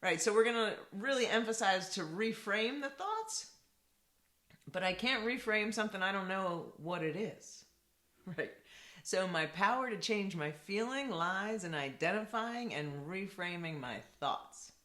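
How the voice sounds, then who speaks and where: A bright, animated woman therapist teaches to camera, her pitch moving up and down as she repeats key points. She keeps checking in with a quick rhetorical "right?". The voice rings in an echoey room. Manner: lively, repetitive, asks rhetorical "right?".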